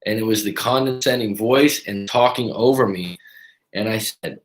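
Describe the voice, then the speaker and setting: A man coaching people through breakups tells a personal story in a casual, animated way and acts out what others said. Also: lowish voice, moderate pace. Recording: roomy echo.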